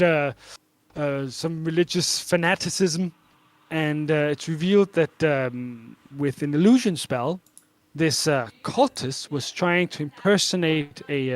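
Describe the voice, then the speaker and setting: A man narrating as game master, with frequent hesitations and fillers. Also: a little high. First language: Danish.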